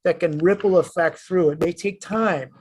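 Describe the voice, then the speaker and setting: A man hosting an interview, affirming his guest and explaining calmly. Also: high voice, moderate pace. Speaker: host. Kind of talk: reflective interview talk.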